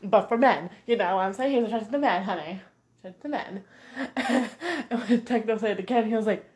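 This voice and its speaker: A young woman vlogger chatting casually about a series, animated and gossipy, with sassy asides. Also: mid-range voice, moderate pace. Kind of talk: casual chat reviewing a series.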